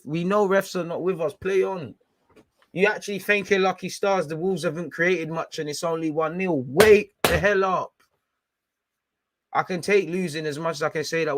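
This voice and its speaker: A young man reacts live to a football match on his stream, barking orders at the players. His voice sits a little high, and he swings between muttered frustration and loud, slangy outbursts. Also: dry recording, studio quality.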